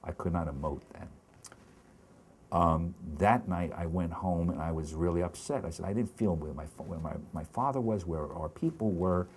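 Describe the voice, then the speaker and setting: An older man recounts memories in an oral history interview, pausing and restarting his sentences as he thinks. His voice sits low and deep with a husky, slightly rough edge. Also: a little mellow. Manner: halting, reflective, many restarts.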